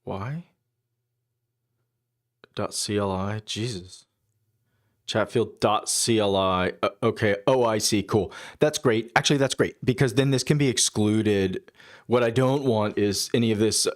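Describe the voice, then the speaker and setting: A man streaming his coding work, thinking aloud in a casual, musing way, often muttering half-finished asides to himself. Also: on the low side. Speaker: developer livestreaming his coding.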